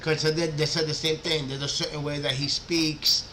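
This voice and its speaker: Bright-voiced man in casual chat. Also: fairly high pitch, moderate pace, soft background music. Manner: relaxed and slangy, clears his throat often.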